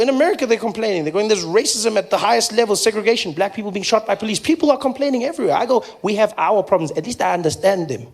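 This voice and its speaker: South African man, stand-up comedian, high voice, playful, animated. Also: slightly rough. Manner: animated, playful, acts out characters.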